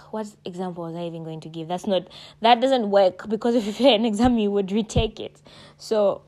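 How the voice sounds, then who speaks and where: Woman vlogger, mid-range voice, preachy and emphatic, direct address to camera. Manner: emphatic and preachy, addresses listeners as sweetheart and darling; animated, jumps high in pitch when stressing points. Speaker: vlogger giving advice. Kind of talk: casual direct-to-camera talk.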